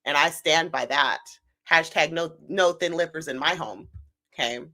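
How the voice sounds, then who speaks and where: A woman streamer with a low-set but bright, forward tone. She riffs sarcastically on the clips she plays and shifts between mock outrage and casual chat. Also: moderate pace. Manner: sarcastic, mocking, laughing commentary. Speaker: stream host.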